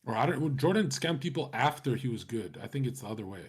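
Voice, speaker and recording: A man's voice: mid-range voice, lively intonation, fast, slightly rough. A man talking casually to his stream chat, rambling and swearing, with many restarts.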